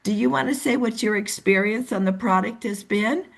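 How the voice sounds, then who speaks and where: A woman leading a team meeting over a video call. She coaches in an animated way and acts out the voices of the people she describes. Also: medium pitch, moderate pace, vocal fry. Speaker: team leader. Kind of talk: motivational coaching talk.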